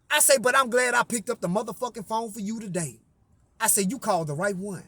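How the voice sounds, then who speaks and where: A man's voice: high voice, expressive, brisk, pushed and bright, breathy edge, dry recording. A man telling a personal story in a profane, emphatic way, framing each quote with "I say". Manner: repeats "I say" to frame quotes, emphatic.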